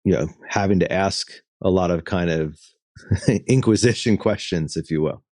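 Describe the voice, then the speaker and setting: A man's voice: low-pitched, moderate pace, a little mellow, dry recording, clean studio sound. A man hosting an interview podcast, explaining ideas at length and asking long questions. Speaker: podcast host.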